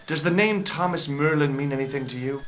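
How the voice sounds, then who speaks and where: An actor playing a wry young adventurer posing as a doctor, asking questions and narrating in a dry tone. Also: male voice, a little high, brisk, a bit bright, a little hiss or hum, natural voice. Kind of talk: video game voice acting.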